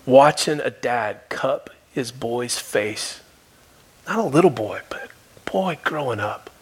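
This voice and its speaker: A male pastor preaching a sermon, telling a story and dropping at times to a soft, hushed voice for emphasis. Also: mid-range voice, expressive, slow pace, slightly rough. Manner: storytelling, shifts between soft hushed tones and raised emphasis. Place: church.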